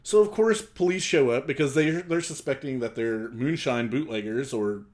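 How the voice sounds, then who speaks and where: A man's voice: medium pitch, moderate pace, a little mellow. A man co-hosting a podcast in casual chat, laughing often and swearing casually. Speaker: podcast co-host.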